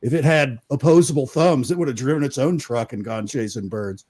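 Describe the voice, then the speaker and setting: A man in casual chat telling relaxed, easygoing anecdotes. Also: mid-range voice, a little fast, breathy edge.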